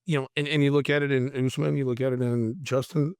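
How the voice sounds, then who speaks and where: A man's voice: medium pitch, flat delivery, quick pace, a little mellow, clean tone, no echo, studio quality. Hesitant male podcast host. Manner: searching, hesitant phrasing. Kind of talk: casual interview questions.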